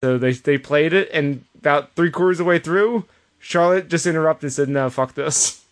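A man with a slightly high, brisk voice co-hosts a podcast, recapping wrestling shows through casual chat and storytelling. He drops in quoted asides and often restarts his sentences.

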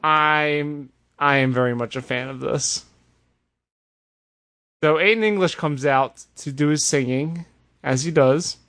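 A man hosting a casual podcast, recapping events in an animated, sarcastic way. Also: on the high side, unhurried, long pauses. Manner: animated, sarcastic retelling with put-on voices. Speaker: podcast host. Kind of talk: casual wrestling recap chat.

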